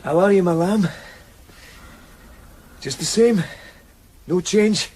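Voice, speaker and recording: A man's voice: high-pitched, slow pace, warm tone, slightly rough, exaggerated voice. An actor playing a distraught, grieving watchmaker father with a Scottish accent, bitter and self-reproaching, in a radio drama. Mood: tender grief. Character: John Smith, a desperate grieving watchmaker father.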